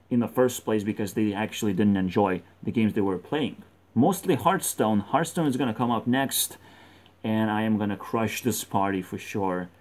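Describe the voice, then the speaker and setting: A man's voice: mid-range voice, a little mellow. Profane rambling male gameplay commentator. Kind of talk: rambling let's-play commentary.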